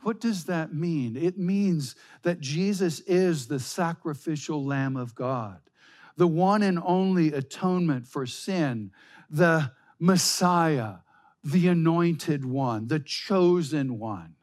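A man preaching a sermon, slow and emphatic, reading scripture aloud. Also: a little high, animated. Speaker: pastor.

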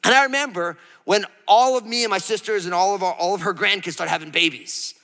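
Playful pastor guy preaching, high bright voice, long echo of a big church hall. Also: a little fast. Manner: playful, acts out quotes, asks the crowd. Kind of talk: sermon.

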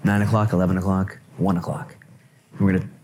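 A male pastor preaching a lively sermon at a church service, joking and repeating phrases for emphasis. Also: low-pitched, fast, a little hiss or hum.

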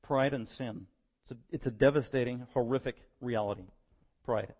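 A man preaching a sermon, moving between quiet verse-by-verse teaching and loud, impassioned stretches. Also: mid-range voice, normal speed, slightly rough.

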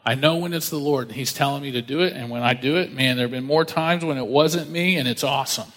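A man's voice: mid-range voice, quick pace, a bit bright, in a large hall. A male pastor preaching a sermon in a casual, conversational storytelling way, acting out quotes with slang.

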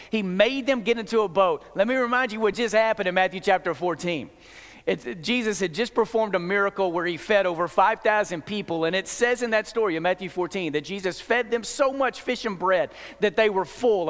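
A man's voice: sits high, a bit bright. A male pastor giving a sermon in a conversational preaching manner, often restarting his phrases. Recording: long hall reverb.

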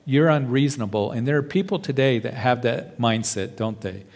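Male pastor, medium pitch, preaching in a reverberant hall; reads verses, then explains them with some hesitations. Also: moderate pace, gravelly. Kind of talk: sermon.

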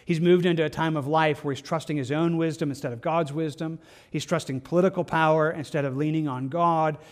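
A man's voice: fairly high pitch, steady tone. A man teaching through Bible verses in a loose, conversational way, often restarting his sentences. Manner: conversational, halting with frequent restarts and fillers. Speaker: pastor.

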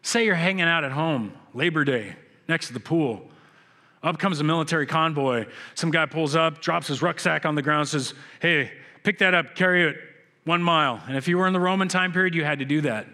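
Animated preacher man with bright tone. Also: fairly quick. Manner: animated storytelling, acts out quotes with big pitch jumps. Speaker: pastor. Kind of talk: sermon. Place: church sanctuary.

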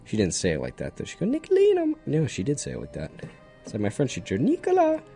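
A man's voice: deep voice, very animated, fast talker, vocal fry, warm tone, faint music behind. A young man hosting a solo radio show, chatting casually in a rambling, jokey way that keeps drifting off topic, and running on no sleep. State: sleep-deprived.

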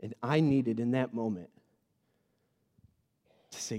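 An earnest man in his thirties delivers a sermon in a church hall, his mid-pitched voice ringing out with long reverb. He moves between loud emphatic bursts and soft, confiding passages. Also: takes it slowly. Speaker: pastor.

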